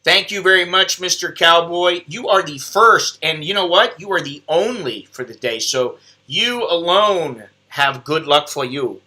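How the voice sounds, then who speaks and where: A man putting on the voice of a grateful restaurant server who speaks halting, broken English. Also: very high voice, expressive, pushed and bright, pitched above the performer's own voice, exaggerated voice.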